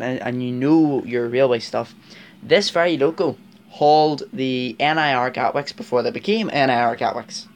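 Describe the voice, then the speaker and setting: A man's voice: medium pitch, a little hiss or hum. Chatty Northern Irish man rambling. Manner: rambling, chatty, laughs often, many fillers. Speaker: vlogger, model railway fan. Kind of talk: casual chat to camera.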